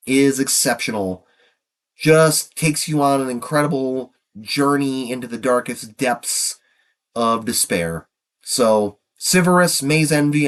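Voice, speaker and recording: Man, 50s, mid-pitched, sniffly with a cold, rambling casual countdown delivery. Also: a bit bright. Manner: rambling, trailing off. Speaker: music reviewer.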